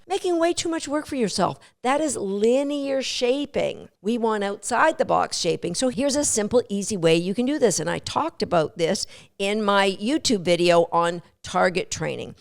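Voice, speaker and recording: A woman hosting a podcast, explaining dog training in a lively coaching manner. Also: mid-range voice, normal speed, vocal fry. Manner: lively, coaching, acts out dog and owner thoughts. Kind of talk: instructional podcast talk.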